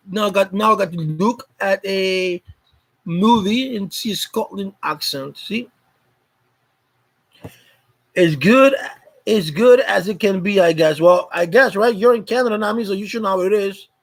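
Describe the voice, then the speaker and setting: A man's voice: sits high, normal speed, rough recording. A man hosting a casual live stream chat, greeting viewers by name in a loose, repetitive way.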